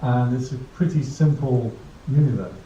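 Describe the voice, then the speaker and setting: A man's voice: medium pitch, normal speed, mellow, a little hiss or hum. A man, a Buddhist monk, giving a casual, humorous talk to a class, telling anecdotes and laughing at his own jokes. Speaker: Buddhist monk teaching mindfulness. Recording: dull distant roomy recording.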